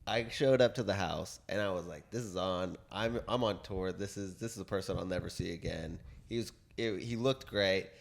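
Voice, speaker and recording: Male co-host, somewhat low voice, confessional and laughing, casual podcast chat. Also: moderate pace, creaky, hardly any pauses.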